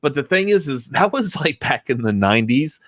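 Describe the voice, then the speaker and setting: A man co-hosting a casual chat, telling a relaxed story. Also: medium pitch, normal speed, dry recording, studio quality. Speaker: co-host.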